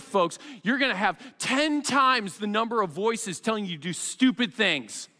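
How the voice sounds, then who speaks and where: Brief: bright, forceful pastor telling an animated sermon story in a reverberant church hall. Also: male voice, extremely high pitch. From Wheaton, Illinois. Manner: animated, acts out voices in his story.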